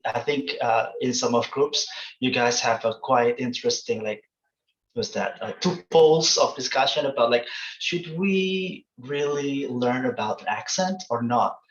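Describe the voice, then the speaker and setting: A man with an Indonesian accent giving relaxed feedback as a presenter in an online workshop, with lots of fillers. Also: mid-range voice, a little slow, reverberant, muffled recording. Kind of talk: casual online workshop talk.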